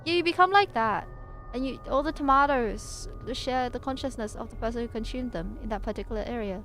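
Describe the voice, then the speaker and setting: A woman's voice: on the high side, brisk, fairly bright tone, soft background music. A woman livestreaming, chatting in a playful, rambling and silly way between reading passages from her home PC setup. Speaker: VTuber streamer.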